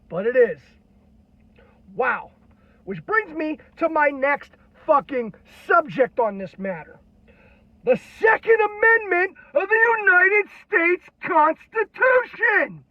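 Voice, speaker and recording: Brief: furious veteran ranter, strained very high voice, constant swearing, dull lo-fi recording. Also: male voice, no echo. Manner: irate, heavily profane, shouting. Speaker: military veteran ranting on video. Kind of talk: angry political rant. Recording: dull lo-fi, dry sound.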